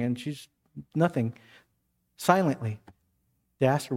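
Animated preaching man, swinging highs and lows. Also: measured pace, long pauses. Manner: animated preaching, voice rising high for stories and dropping soft for emphasis. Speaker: pastor. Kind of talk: sermon.

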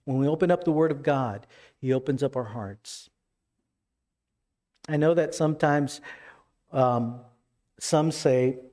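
Animated man preaching a sermon. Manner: animated, rises in pitch when retelling scenes. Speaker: pastor.

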